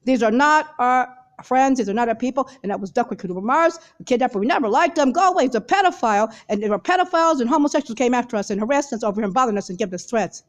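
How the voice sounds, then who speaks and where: A woman speaking to viewers in a hurried, rambling monologue full of repeated fillers and restarts. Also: fairly high pitch, animated. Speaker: video blogger.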